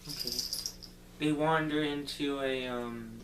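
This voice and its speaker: Slow, rambling man in an echoey room. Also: mid-range voice, flat delivery. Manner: rambling, loose retelling full of "like" and "um". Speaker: movie reviewer. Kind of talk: casual spoken movie recap. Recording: roomy echo, distant mic, faint hum.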